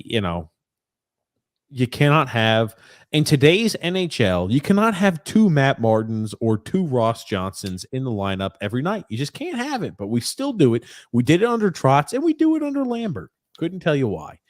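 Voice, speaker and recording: A man's voice: mid-range voice, huge pitch swings, normal speed, dry recording, clean studio sound. A man hosting a podcast, reading out listener comments and chatting casually about hockey with loose swearing. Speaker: podcast host. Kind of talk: casual sports chat.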